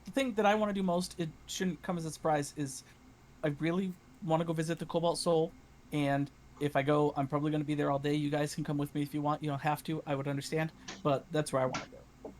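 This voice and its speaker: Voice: medium pitch, steady tone, fast, darkish tone. A player at a tabletop game, talking in a hesitant, rambling way. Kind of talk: casual tabletop game chat. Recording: faint background noise.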